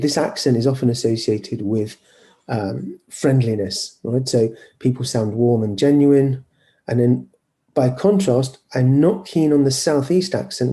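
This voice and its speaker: A man lecturing a class in a relaxed, mellow tone. He lays out his points step by step and often pauses to check that the listeners follow. His voice sits at an ordinary middle pitch. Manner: explains step by step, checks in with "okay?" and "right?". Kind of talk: university lecture.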